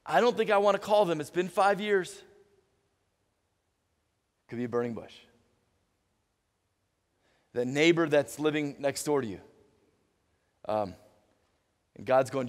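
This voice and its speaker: A man preaching a sermon as pastor, animated, stumbling and restarting often, and acting out little dialogues. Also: a little high, moderate pace, long pauses. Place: church sanctuary. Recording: reverberant church hall.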